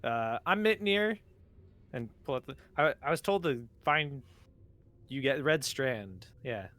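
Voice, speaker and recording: A man's voice: medium pitch, animated, measured pace, fairly bright tone. A man playing in a tabletop game, talking hesitantly with many fillers. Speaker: player. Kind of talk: casual tabletop play.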